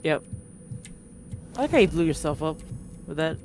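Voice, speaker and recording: A woman chatting casually as a co-player in a let's play, playful and quick to react, swearing under her breath. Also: low voice, very animated, a little mellow, a little hiss or hum. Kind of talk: casual gameplay chat.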